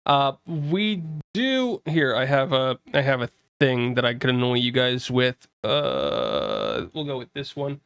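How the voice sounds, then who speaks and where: A man's voice: medium pitch, unhurried, hardly any pauses, a bit bright, clean tone, no echo, studio quality. A young man from the East Coast of the US streaming casually, chatting with viewers and reading out their messages. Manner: chatty, reads out chat and greets viewers. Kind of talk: casual livestream chat. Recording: faint music behind.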